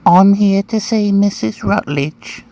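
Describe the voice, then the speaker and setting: A man's voice: high-pitched, takes it slowly, mellow, voice pushed up. A man voicing a polite, eerie little boy with a proper English accent who keeps apologizing. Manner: prim and apologetic.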